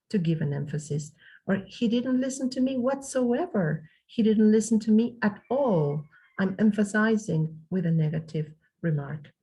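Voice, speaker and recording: A woman's voice: lowish voice, a little mellow, slightly rough, low-quality recording. A woman from Mexico teaching an online English lesson, explaining points step by step and reading out example sentences.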